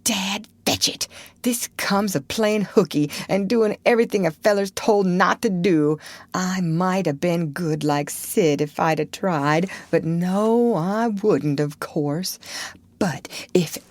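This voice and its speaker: A woman's voice: lowish voice, slow, no echo. A woman voicing a nervous, scrappy country boy who talks in rustic dialect. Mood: urgent.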